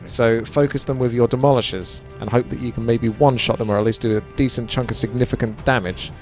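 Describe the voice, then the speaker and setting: A man talking through a strategy game as he plays, easygoing and a little self-mocking, his voice sitting at an ordinary middle pitch. Faint game music plays quietly behind him. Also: fairly even intonation, fast. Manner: chatty, self-mocking, reads viewer comments aloud. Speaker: gameplay commentator. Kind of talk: casual gameplay commentary.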